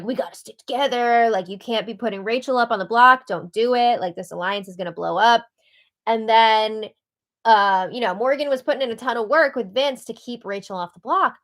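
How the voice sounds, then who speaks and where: A woman hosting a casual recap show, chatty and opinionated, relaying quotes with animated reactions. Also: a little high.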